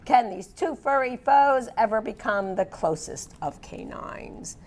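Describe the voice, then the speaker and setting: A woman's voice: on the high side, lively intonation, unhurried, a little mellow. A woman, a children's librarian co-hosting a casual chat about new books, who reads picture books aloud with gusto, recorded in a library. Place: public library.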